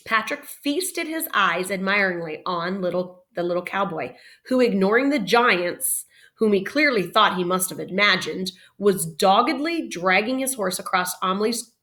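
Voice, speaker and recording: A woman's voice: medium pitch, bright, forceful tone. A woman teacher reading a novel aloud expressively, with playful teaching asides. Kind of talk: read-aloud storytelling.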